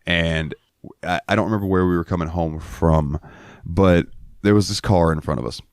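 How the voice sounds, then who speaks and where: A man's voice: sits low, moderate pace, dry recording, clean studio sound. A man from Florida co-hosting a podcast, telling rambling, profane stories in casual chat. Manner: profane, rambling, acts out quotes in raised voices. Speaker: podcast co-host.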